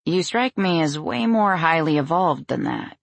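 A woman reading the part of a grown man, a guarded boyfriend who talks in a calm, slightly condescending way. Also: mid-range voice, measured pace, gravelly, no echo. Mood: placating. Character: smooth, guarded adult male boyfriend.

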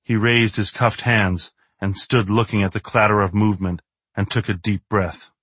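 A man narrating a novel in the first person in a measured, steady, understated way. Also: fairly low pitch, slightly rough, no echo. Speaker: audiobook narrator.

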